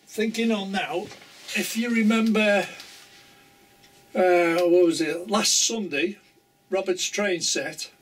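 A man's voice: high-pitched, recorded from a distance, slight background noise. An older man chatting casually to camera about his model railway, rambling and chuckling often.

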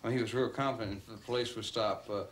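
Rambling man in his fifties, low voice. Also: fairly even intonation, fast. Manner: rambling storyteller with many fillers who acts out quotes. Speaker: interviewee recalling an old friend. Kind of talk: anecdotal interview.

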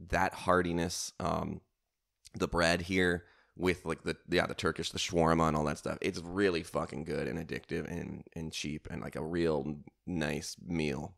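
A man's voice: deep voice, gravelly. A man hosting a comedy podcast alone, telling stories in a casual, rambling way full of swearing, fillers and self-mockery. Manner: swearing, self-mocking storytelling with lots of fillers.

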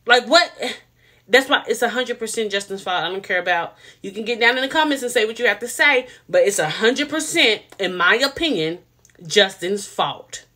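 A woman's voice: on the high side, lively intonation, moderate pace, sharp tone. A woman reviewing a TV show in a casual, blunt and opinionated way, talking straight to her viewers. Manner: chatty, addresses viewers directly.

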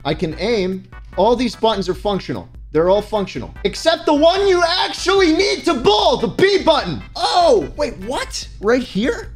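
Excitable young man with a lively voice. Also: sits high, moderate pace, few pauses, husky, soft background music. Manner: excitable, yells at the game, crude jokes. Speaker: streamer. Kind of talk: gameplay commentary.

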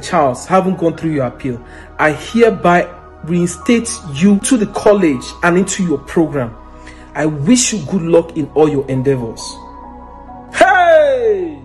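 A man giving an earnest, emotional spoken testimony, now and then bursting into loud praise. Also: on the high side. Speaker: testimony giver.

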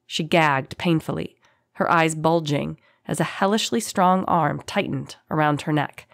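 A woman narrating a fantasy audiobook in a dramatic, expressive reading. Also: deep voice, a little slow, creaky, no echo, studio quality.

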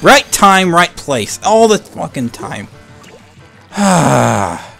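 A young man calls out his online match as he plays, his voice sitting a little high for a man. He bounces between cheering his team on and venting about losing, with faint music underneath. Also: takes it slowly. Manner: excitable, swings between hype and frustrated ranting. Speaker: gaming channel host. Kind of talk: live gameplay commentary.

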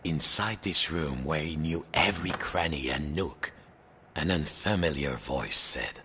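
A man's voice: extremely low pitch, unhurried, bright, forceful tone, a little hiss or hum. A man narrating a storybook game tale in a playful, theatrical way, with French exclamations. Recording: game audio with music behind.

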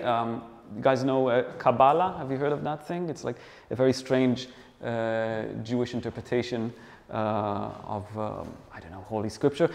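A man's voice: mid-range voice, darkish tone, long reverb tail, a little hiss or hum. A man giving a casual philosophy lecture to a live audience, chatty and playful, often checking in with his listeners.

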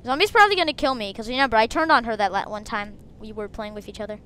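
A woman hosting a game video, chatting casually and breaking into excited shrieks. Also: a little high, fast, clean tone. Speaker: gaming video host. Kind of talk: casual gameplay commentary.

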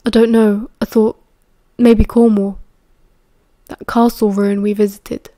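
A woman with a British accent voicing a shaken, guilty young man who talks softly and stammers. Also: mid-range voice, level tone, slow pace, no echo, studio quality, close to an everyday voice. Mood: anxious. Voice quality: soft, shaky, hesitant.

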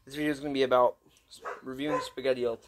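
A man talks loosely and excitedly in street slang, pausing to eat between remarks. He is filming a casual food review at his desk at home, with a middle-pitched voice. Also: noisy background. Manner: slangy and excitable, eating while talking. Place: at his desk setup indoors.

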